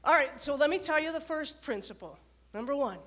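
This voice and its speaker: A woman giving a motivational talk to an audience and telling a story from her dispatcher days in a lively way. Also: sits high, brisk. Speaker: speaker, former dispatcher and leadership coach.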